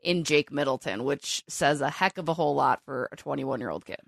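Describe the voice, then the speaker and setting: A woman's voice: a bass voice, animated, fairly quick, vocal fry, no echo, clean studio sound. A woman co-hosting a sports podcast, chatty and upbeat. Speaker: co-host. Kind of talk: casual sports podcast chat.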